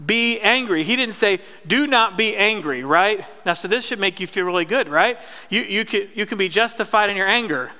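A pastor preaching a conversational sermon and drawing responses from the congregation. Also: male voice, sits high, lively intonation, brisk, few pauses, sharp tone. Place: church sanctuary. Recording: long church reverb.

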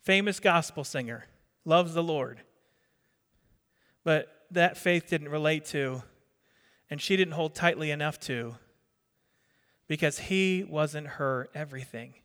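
A man's voice: a little high, slow pace, long pauses, fairly bright tone. A middle-aged man from New Jersey preaching a sermon in a conversational way, quizzing the congregation and repeating his words. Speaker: pastor. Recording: long reverb of a hall.

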